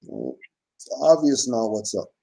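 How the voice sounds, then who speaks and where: A man's voice: on the low side, huge pitch swings, takes it slowly, creaky, mellow. A man co-hosting a casual talk show, chiming in with agreement and short laid-back remarks. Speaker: podcast co-host. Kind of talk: casual chat.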